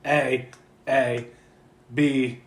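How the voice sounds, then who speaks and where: Young man, laid-back, hesitant, mid pitch, roomy echo, faint background hiss. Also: flat delivery, very slow. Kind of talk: casual chat.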